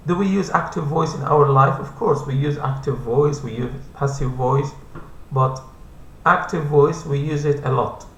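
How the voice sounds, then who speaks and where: A man teaching an English grammar lesson, repeating each point slowly and patiently, speaking English as a second language with Arabic as his first. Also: on the high side, a bit bright. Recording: echoey room, faint hum.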